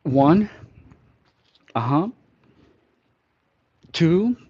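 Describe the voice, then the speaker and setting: A fitness trainer with a somewhat high, darkish, slightly rough voice leads a workout very slowly yet very animatedly. He counts reps and praises himself in a mock-delicate, tongue-in-cheek way, and the recording sounds dull and lo-fi.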